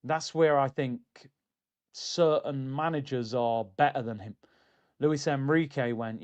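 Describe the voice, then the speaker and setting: A man hosting a casual football livestream, talking in an animated, chatty way and answering comments from his chat. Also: mid-range voice, measured pace, muffled recording. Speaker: football streamer.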